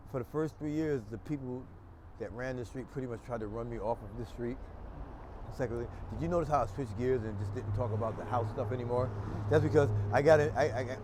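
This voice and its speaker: Loud joking older man on the street. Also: medium pitch. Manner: loud, joking, rambling storyteller. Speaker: local street personality. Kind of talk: casual chat while walking the street. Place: city street outdoors. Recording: outdoor street noise, traffic.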